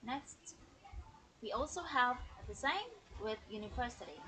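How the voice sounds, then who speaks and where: A woman teaching an English grammar lesson on a livestream, explaining slowly and checking in with the viewers. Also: on the high side, animated, bright, forceful tone, rough recording. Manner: slow, explanatory, checks in with "okay?".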